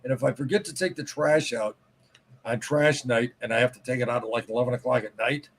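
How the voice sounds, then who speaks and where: A man's voice: medium pitch, steady tone, brisk, breathy edge. A man hosting a casual podcast interview, talking frankly with swearing and many restarts. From Michigan. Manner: candid, swears, stumbling restarts. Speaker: podcast host.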